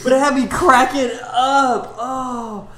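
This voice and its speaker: A man's voice: high voice, very animated, quick pace, a crowd in the background. A young man co-hosting a podcast, joking and teasing his friends in casual chat. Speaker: podcast co-host. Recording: echoey room.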